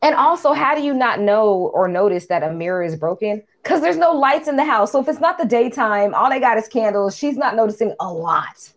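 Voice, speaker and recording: A woman co-hosting a podcast, retelling a film in casual, profane, animated chat. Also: fairly high pitch, a little fast, hardly any pauses. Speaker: podcast co-host. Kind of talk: casual movie recap chat.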